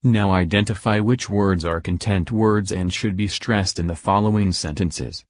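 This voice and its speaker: Low-voiced man teaching pronunciation. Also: moderate pace, no room sound. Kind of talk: scripted lesson narration.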